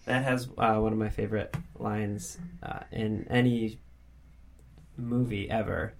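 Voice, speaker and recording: A man's voice: on the low side, fairly even intonation, unhurried, vocal fry. A man co-hosting a podcast in easy, casual chat. He teases his co-hosts playfully and sounds eager and enthusiastic. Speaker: podcast co-host.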